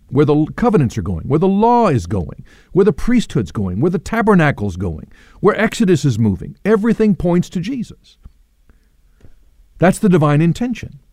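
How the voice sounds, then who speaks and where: A man teaches scripture on his radio hour in a mellow, unhurried voice. His pitch moves a great deal as he thinks aloud, with small restarts. The sound is dry and close. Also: dry recording. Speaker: radio Bible teacher and host.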